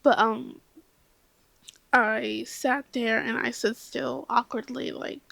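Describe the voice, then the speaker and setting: Young female vlogger, tipsy casual storyteller, self-deprecating, high voice, dry close sound. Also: fairly even intonation, takes it slowly, vocal fry, fairly bright tone, no room sound. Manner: rambling, self-deprecating, with laughs and asides; tipsy, slips into whispers.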